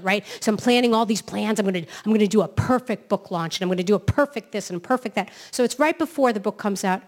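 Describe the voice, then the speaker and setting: A woman from New York City, a self-help author, giving an inspirational talk in a lively storytelling manner, often checking in with "right?". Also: mid-range voice, brisk, few pauses.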